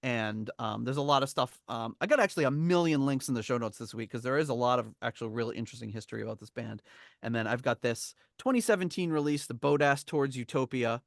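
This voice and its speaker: A man's voice: medium pitch, quick pace, creaky, dry recording, studio quality. A man hosting a podcast, reading from a memoir and telling the story in a rambling, chuckling way. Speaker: podcast host. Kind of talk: casual chat, reading from a memoir.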